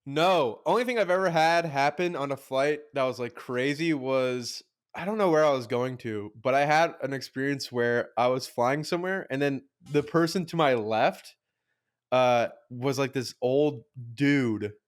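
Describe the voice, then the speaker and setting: A young man with a mid-range voice co-hosts a podcast, speaking at a measured pace. He tells a story in casual chat, rambling with plenty of "like," swearing, and acting out the quotes.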